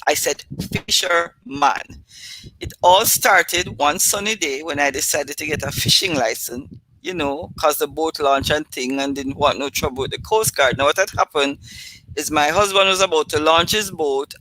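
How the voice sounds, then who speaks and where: Bright-voiced Jamaican woman host. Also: sits low, a little hiss or hum, low-quality recording. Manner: chatty, talks straight to live viewers. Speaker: livestream host. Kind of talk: poetry reading and casual storytelling.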